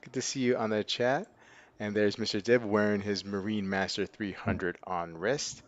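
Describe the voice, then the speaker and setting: A man's voice: fairly low pitch, fairly even intonation, normal speed. Upbeat male host, muffled stream audio. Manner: upbeat, laughs often, rattles off greetings to chat viewers. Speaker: livestream host. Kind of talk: casual live-stream chat.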